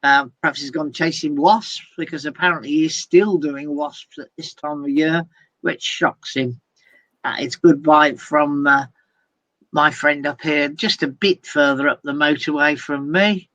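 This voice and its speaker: A man co-hosting a live online chat show, talking in a loose, rambling way full of "um"s and "uh"s. His voice sits a little high. The call audio is dull and lo-fi, with a dry, close sound. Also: fairly even intonation, measured pace, bright, forceful tone, no echo. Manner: chatty, rambling, with frequent fillers.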